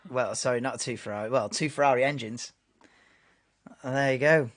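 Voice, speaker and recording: A man's voice: mid-range voice, moderate pace. A man hosting a live race watchalong stream, chatting casually and laid-back over the broadcast.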